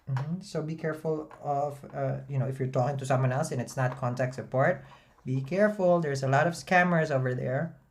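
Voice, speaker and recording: A low-pitched woman chats loosely through a livestream, greeting viewers one by one. She is middle-aged, talks in a friendly rambling way, and laughs often between her remarks. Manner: chatty, laughs often, shout-outs to viewers. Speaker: astrology livestream host. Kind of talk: casual livestream chat reading comments.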